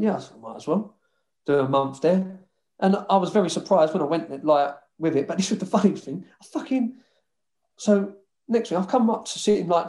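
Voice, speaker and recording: A man, a former footballer telling stories in a casual interview, swearing and acting out conversations. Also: medium pitch. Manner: swearing, animated retelling with quoted dialogue.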